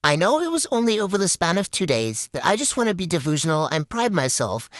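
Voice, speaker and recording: A woman's voice: lowish voice, very animated, quick pace, dry recording, clean studio sound. A young woman vlogger giving a wry, self-mocking recap to camera.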